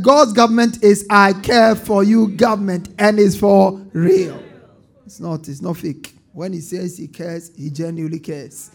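Preaching in a high, creaky yet mellow voice, this pastor uses call-and-response with his congregation, his sermon rising into emphatic outbursts.

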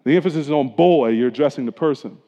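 A male pastor preaching a sermon earnestly, dropping to a hush at solemn moments and rising for emphasis. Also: mid-range voice, fast. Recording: echoey church hall, dull lo-fi sound.

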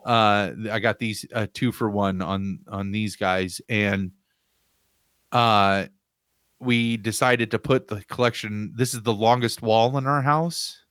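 Animated man telling a rambling story. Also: lowish voice, takes it slowly, no echo, clean studio sound. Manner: animated, rambling, laughs while telling stories. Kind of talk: casual chat, storytelling. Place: home room with pinball machines.

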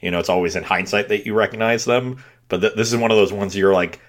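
A man's voice: fairly low pitch, quick pace. A man co-hosting a casual chat, giving short reactions and reflective asides. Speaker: podcast co-host.

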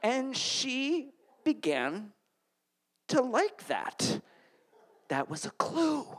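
A man from Connecticut tells a funny personal story live on stage, and his voice climbs and swoops widely as he goes. His delivery is animated, and it shoots up high whenever he recounts a flustered moment. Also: very slow, breathy edge.

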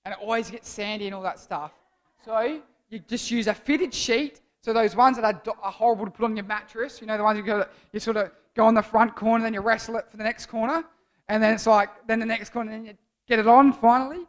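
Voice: mid-range voice, steady tone, quick pace. A young adult giving a casual, jokey youth sermon as a church speaker, rambling and playful.

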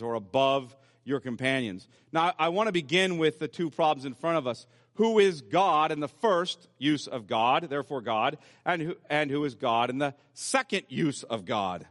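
A male pastor preaching in a church, his fairly high voice carrying a long hall reverb. He walks the listener through scripture point by point, in a patient teaching manner. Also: animated, a little slow, a bit bright. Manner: teaching, explaining scripture step by step. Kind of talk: sermon. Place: church sanctuary.

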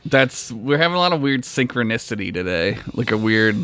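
A man's voice: medium pitch, sing-song, fairly quick, sharp tone, clean tone. A man co-hosting a casual podcast, joking crudely and laughing a lot. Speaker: podcast co-host. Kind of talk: casual chat.

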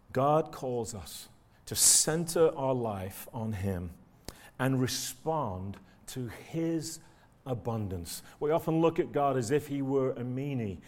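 Conversational preacher with tag questions. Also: male voice, fairly high pitch, darkish tone. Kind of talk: sermon. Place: church.

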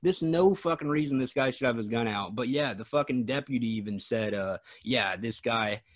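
A man's voice: mid-range voice, moderate pace, no echo, low-quality recording. A man co-hosting a podcast, telling a rambling, profanity-heavy story in casual chat. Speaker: podcast co-host.

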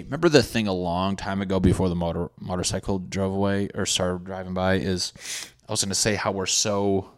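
A young man talking casually as a podcast host, profane and sarcastic, mocking people in put-on voices. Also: low voice. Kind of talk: casual rambling monologue.

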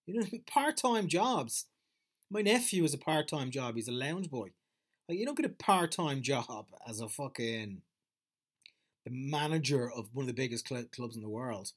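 A man's voice: mid-range voice, expressive, normal speed. A man talking through a casual monologue as a podcast host, rambling and swearing freely, with plenty of fillers and restarts.

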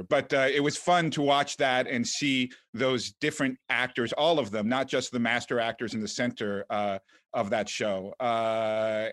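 A man's voice: mid-range voice, a bit bright, no echo. A middle-aged man from Washington, D.C. speaks as a podcast guest with dry, self-mocking humor. His voice sits in a middle register and is recorded close and dry. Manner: wry, self-deprecating humor. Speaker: guest, entertainment writer. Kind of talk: casual interview chat.

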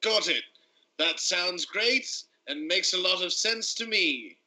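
Man, very bright voice, slightly high, playful tabletop player. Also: animated, takes it slowly, rough recording. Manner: playful, repetitive and jokey. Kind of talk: casual tabletop play.

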